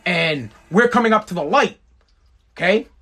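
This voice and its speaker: A man's voice: high voice, animated, moderate pace, bright, forceful tone. A man hosting a solo podcast, ranting in an exasperated, heavily profane way. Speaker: podcast host.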